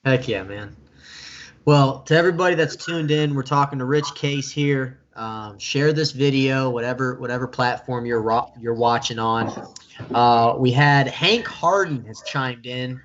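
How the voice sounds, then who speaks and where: A man's voice: medium pitch, a little slow, fairly bright tone, highs cut off. A man hosting a casual live-stream interview, chatty and enthusiastic, often repeating himself. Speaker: host.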